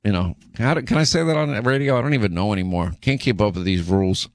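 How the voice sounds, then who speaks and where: A man with a lowish voice hosts a radio and podcast show from a studio, delivering talk-radio commentary quickly and indignantly. He's emphatic and restarts his sentences often, and the recording is dry.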